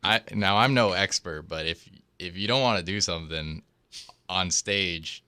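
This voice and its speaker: A man's voice: sits low, a little slow, sharp tone, smooth, no echo. A man hosting a casual movie-review podcast, loose and joking. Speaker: podcast host.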